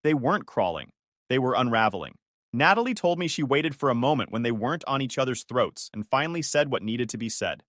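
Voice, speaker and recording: A man's voice: mid-range voice, very animated, brisk, a bit bright, no echo, clean studio sound. A man narrating a first-person family drama story in a bitter, matter-of-fact way.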